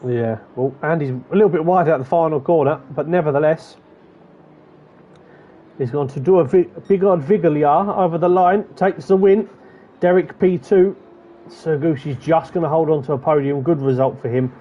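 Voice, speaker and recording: A man's voice: fairly high pitch, moderate pace, phone-quality sound. A man giving chatty commentary on an online racing event, rattling off positions and gaps. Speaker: race commentator.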